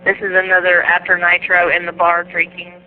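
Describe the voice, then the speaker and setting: A woman guest on an interview, telling stories in a casual, animated way, laughing often and acting out the people in them. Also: lowish voice, brisk. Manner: animated, laughing, acts out the voices in her stories. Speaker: guest wrestler. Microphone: phone. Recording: tinny phone line, faint hiss.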